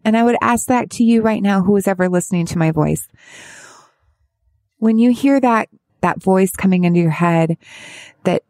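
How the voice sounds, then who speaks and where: A woman speaking as a parent of a child with addiction, giving candid advice in a halting, heartfelt way with many restarts. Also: on the low side, gravelly, darkish tone, dry recording. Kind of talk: candid personal advice talk.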